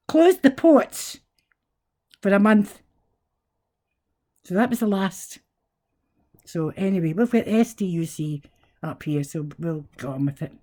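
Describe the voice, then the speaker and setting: A woman's voice: medium pitch, dark tone. An older woman with a Scottish accent, a nurse telling chatty stories to camera that turn into indignant outbursts. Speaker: retired nurse vlogger. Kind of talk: rambling political monologue to camera.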